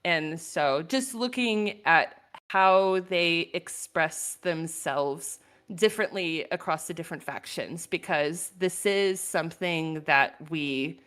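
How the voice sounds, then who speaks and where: Woman guest on a casual stream, lowish voice, thoughtful, lots of ums and laughs. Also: takes it slowly, a bit bright, smooth. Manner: thoughtful, laughs often, many "um"s. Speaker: guest artist. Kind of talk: casual livestream chat.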